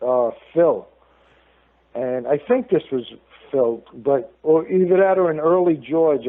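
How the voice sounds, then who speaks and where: New man telling stories on a phone line. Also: fairly high pitch. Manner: animated, acts out quoted lines. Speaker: guest. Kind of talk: storytelling in a casual interview.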